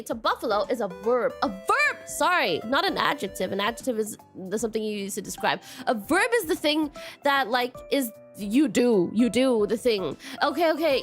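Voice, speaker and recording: A woman streamer chatting casually and reading viewer messages aloud, giggling often and playfully repeating stock phrases. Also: high-pitched.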